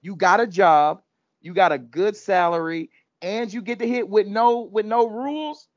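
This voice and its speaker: A podcast host in a casual recap chat, talking in an animated, mocking way. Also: medium pitch, normal speed, dry recording, lo-fi sound.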